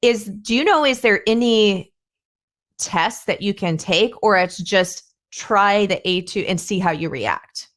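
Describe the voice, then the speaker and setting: A woman's voice: mid-range voice, lively intonation, measured pace, fairly bright tone. A woman hosting a podcast, asking her guest loose, curious questions in casual chat. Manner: curious, asks rambling questions. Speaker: podcast host.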